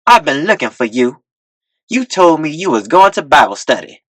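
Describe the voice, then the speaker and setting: A man's voice: a little high, very animated, moderate pace, fairly bright tone, no room sound, studio quality, voice pushed up. A man voicing a stern church-lady aunt. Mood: scolding. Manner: stern and scolding. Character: older woman church usher, stern and scolding.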